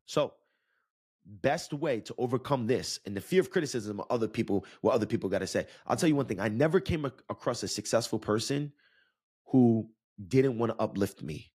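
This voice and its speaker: A man's voice: medium pitch, lively intonation, brisk, a little mellow, slightly rough, no room sound, studio quality. A man talking as a wellness coach and podcast host, earnest and direct, repeating his points and calling the listener "my friend.". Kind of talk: motivational podcast talk.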